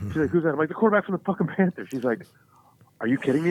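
Rapid-fire and fairly high, this man's voice carries a breathy edge as he co-hosts a casual podcast. His sports stories are profane and animated, complete with acted-out voices of those he quotes. The audio sounds dry and tinny, phone-like, with no room sound.

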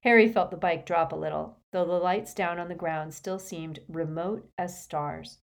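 Woman audiobook narrator, lowish voice, dramatic delivery. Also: moderate pace. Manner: dramatic, expressive reading. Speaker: audiobook reader.

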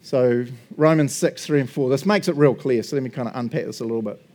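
A man's voice: medium pitch, quick pace, a little mellow. A man, a pastor preaching in a casual, joking style. He keeps tagging his points with "right?" and "eh?", laughs often and acts out small conversations. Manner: chatty and jokey, tag questions like "right?" and "eh?"; laughs often, acts out little quoted exchanges. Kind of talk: casual sermon.

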